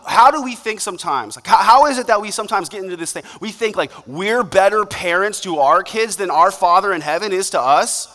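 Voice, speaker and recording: A young man delivers a sermon in a casual, conversational way, slipping into quick acted-out asides. His voice is bright and forceful and sits a little high for a man. The sound rings with a long hall reverb. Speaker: pastor.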